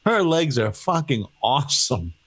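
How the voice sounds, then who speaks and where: A man's voice: mid-range voice, very animated, a little slow, a bit bright, breathy edge. A man who rambles and makes bawdy jokes while hosting a casual podcast chat.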